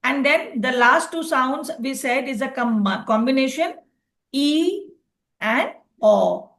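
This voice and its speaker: A woman's voice: sits high, expressive, slow pace, fairly bright tone. A woman teaching a phonics lesson online, explaining patiently and checking in with "okay" often.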